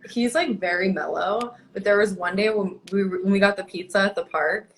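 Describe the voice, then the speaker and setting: A woman's voice: mid-range voice, normal speed, a little hiss or hum. A woman with an Australian accent co-hosting a podcast, telling easygoing stories and laughing often. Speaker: podcast co-host. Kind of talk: casual chat.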